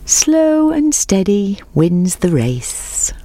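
A woman doing a calm, slow tortoise. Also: medium pitch. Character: patient steady male tortoise.

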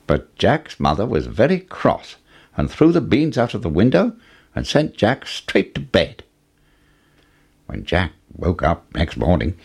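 A man narrating a children's fairy tale in an expressive, deliberate storytelling manner. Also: fairly low pitch, creaky, breathy edge.

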